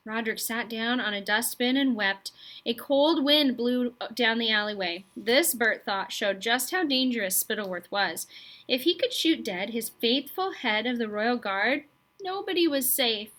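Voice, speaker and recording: A woman reads a children's novel aloud, talking straight to young listeners in a friendly way. Her voice is bright and sits a little high. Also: expressive, measured pace. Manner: friendly, addresses children directly. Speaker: children's storybook reader.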